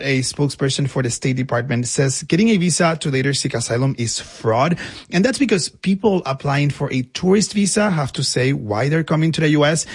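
A man reporting for radio news, explaining a story in an even tone. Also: mid-range voice, slightly rough.

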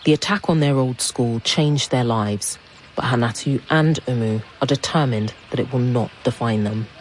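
A woman reporter narrating a news feature in a calm, steady voice. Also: rumbling low, moderate pace, a little hiss or hum, low-quality recording.

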